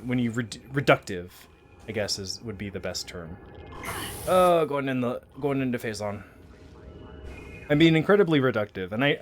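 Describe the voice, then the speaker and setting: Chatty man streaming a game. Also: fairly low pitch. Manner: chatty, rambling, self-deprecating. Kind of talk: casual gameplay commentary.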